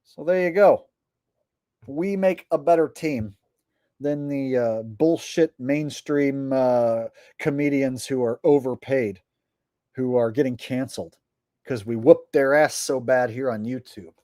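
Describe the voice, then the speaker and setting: A man's voice: medium pitch, unhurried, warm tone, no room sound. A man streaming on YouTube, chatting casually to his viewers, rambling with frequent "uh" fillers.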